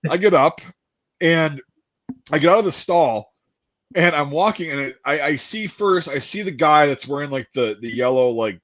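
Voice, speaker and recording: A man telling a rambling story in a casual chat, animated, laughing and swearing a lot. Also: fairly high pitch, normal speed. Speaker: podcast host. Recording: dull dry lo-fi sound.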